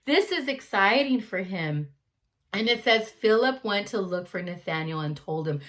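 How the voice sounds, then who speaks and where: Bright-voiced woman telling Bible stories. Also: medium pitch, moderate pace. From California. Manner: lively storytelling, acts out quotes, slangy. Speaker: youth ministry speaker. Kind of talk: youth club Bible talk.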